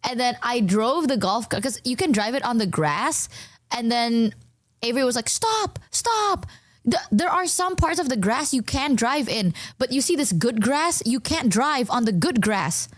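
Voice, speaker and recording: A young woman streamer telling casual, animated stories, swearing often and acting out both sides of conversations. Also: moderate pace, no room sound, clean studio sound. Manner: animated, swears a lot, acts out dialogue in higher voices.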